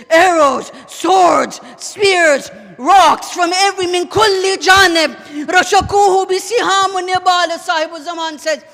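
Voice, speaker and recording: Impassioned preacher, high bright voice. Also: male voice. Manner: impassioned, often shouting, chanting Arabic lines. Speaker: sheikh. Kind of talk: Ashura majlis sermon. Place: large mosque hall. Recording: long hall reverb.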